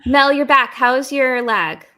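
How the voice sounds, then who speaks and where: A woman's voice: high-pitched, slow, bright, forceful tone. A woman co-host chatting over a video call, giggly and gushing. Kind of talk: casual chat on a video call.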